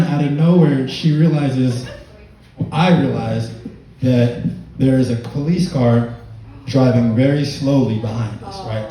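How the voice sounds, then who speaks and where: A mellow, mid-range male voice carries a rambling stand-up comedy story full of fillers, the man laughing through his own lines. It's recorded in an echoey comedy club with the mic far off, audience laughter audible.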